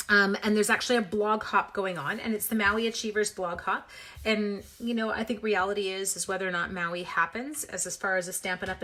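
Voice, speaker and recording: Chatty woman with a bright voice. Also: mid-range voice. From Canada. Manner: chatty, warm, talks to viewers by name; playful sound effects, self-mocking humor. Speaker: papercraft demonstrator hosting a livestream. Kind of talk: casual live crafting demo.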